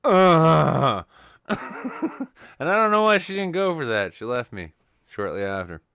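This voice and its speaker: A man co-hosting a podcast, rambling through crude jokes with deadpan, self-mocking asides. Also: on the high side, a little slow, vocal fry, clean tone, dry recording, studio quality. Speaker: podcast co-host. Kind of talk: crude comedic banter. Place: studio, live stream.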